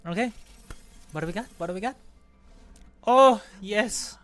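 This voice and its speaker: A woman streaming a game, chatting excitedly while pulling for rewards, squealing and laughing at good results and muttering when they are bad. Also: lowish voice, quick pace, soft background music. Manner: squealing bursts of excitement, then deflated mumbling. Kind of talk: excited gacha-pull stream chat.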